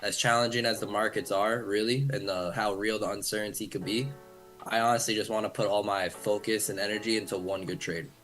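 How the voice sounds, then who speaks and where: A man joining a trading livestream, calmly explaining his cautious approach. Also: lowish voice, brisk, music in the background. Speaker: trader joining the stream. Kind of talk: casual livestream chat.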